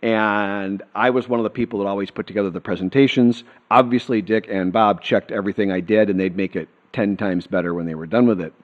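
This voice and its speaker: An American man hosts a casual storytelling monologue, earnest and heartfelt. His talk wanders as he circles back through the tale, in a somewhat low voice. The audio is dull and lo-fi. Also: fairly even intonation, a little fast, hardly any pauses. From United States. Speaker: host.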